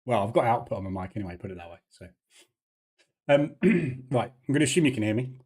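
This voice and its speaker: A man's voice: mid-range voice, lively intonation, fast, a little mellow, husky. A man hosting a live trading stream, talking through market moves in a chatty, rambling way with lots of fillers and restarts, over a faulty mic.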